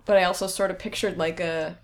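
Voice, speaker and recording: A woman's voice: fairly low pitch, fairly even intonation. A woman chatting casually in an interview about making a film, giggling often as she talks. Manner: giggly, chatty, quick to laugh. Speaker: filmmaker interviewee.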